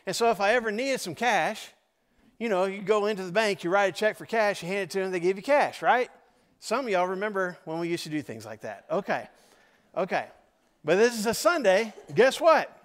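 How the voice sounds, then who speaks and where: Storytelling pastor with a drawl, reverberant hall. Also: male voice, sits high, fairly bright tone. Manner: conversational storytelling with asides to the audience. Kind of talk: sermon story told to a congregation.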